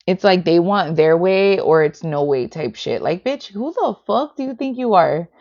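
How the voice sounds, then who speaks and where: A woman's voice: fairly low pitch, lively intonation, normal speed, a little mellow, lo-fi sound. A woman reading tarot on a livestream, blunt and heavily profane, filling her talk with "like". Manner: profane and blunt, heavy "like" and "bitch" fillers. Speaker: tarot reader.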